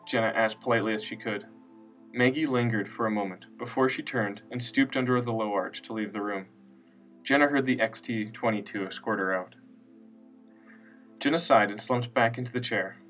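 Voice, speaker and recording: A man narrating a scripted story in a steady, unhurried reading voice. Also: medium pitch. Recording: distant mic with faint music.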